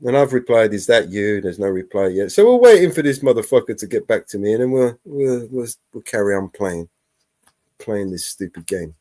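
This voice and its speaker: Sarcastic man with a lively voice. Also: lowish voice, brisk, dry recording. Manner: sarcastic, laughing, swearing. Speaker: live stream host. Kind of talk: casual live stream commentary.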